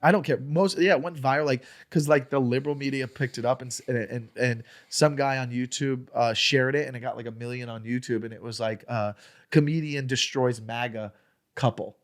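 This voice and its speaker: A man who is a comedian, telling a story as a podcast guest in an animated, profane way and acting out an argument. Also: medium pitch, brisk, hardly any pauses.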